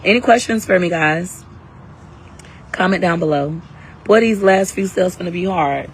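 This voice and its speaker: A woman's voice: on the low side, normal speed, slight background noise, rough recording. A woman selling her class live on her phone outdoors, brash and hyped, talking in slang while a little under the weather. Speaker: live-stream seller and coach. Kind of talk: casual livestream sales talk.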